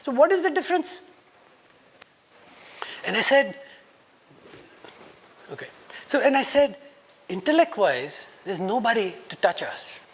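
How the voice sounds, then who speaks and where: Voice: medium pitch, big pitch swings, measured pace, pauses often, husky. A speaker in their fifties from India with an Indian English accent, giving a personal conference talk and acting out quoted dialogue in a raised voice between reflective stretches.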